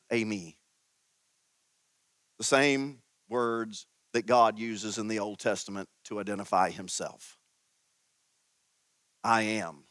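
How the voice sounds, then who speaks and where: A man preaching a sermon as pastor, teaching slowly and emphatically with dramatic pauses. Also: a little high, a bit bright, dry recording.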